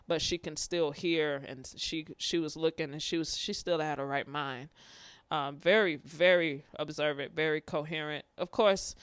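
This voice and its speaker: A man speaking haltingly, fighting back tears as he talks about his grief. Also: fairly high pitch, clear, resonant tone, no echo. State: tearful. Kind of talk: personal testimony on grief.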